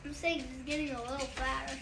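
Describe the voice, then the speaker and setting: A woman's voice: high-pitched, level tone, quick pace, creaky, echoey room, noisy background. A woman insisting her point in a casual, amused back-and-forth. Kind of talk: casual bickering chat.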